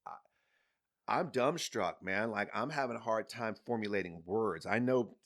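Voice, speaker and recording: A man telling a personal story as a guest on a podcast, animated, jumping from loud emphasis to hushed asides. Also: lowish voice, moderate pace. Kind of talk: casual storytelling.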